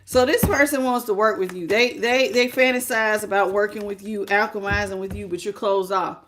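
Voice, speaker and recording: A woman's voice: medium pitch, steady tone, normal speed, noisy background. A woman with a mid-range voice runs a live-stream tarot reading in an easy, chatty way. She speaks right to the listener, welcomes viewers one by one and calls them sweetheart or baby. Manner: chatty, greets viewers by name with endearments.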